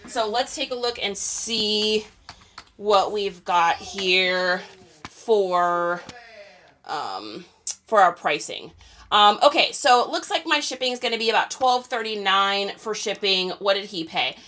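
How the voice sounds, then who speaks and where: Her mid-range voice is expressive, bright and forceful, and she takes her time. She's a reseller packing orders on a live stream, talking casually to the audience and reading out their comments.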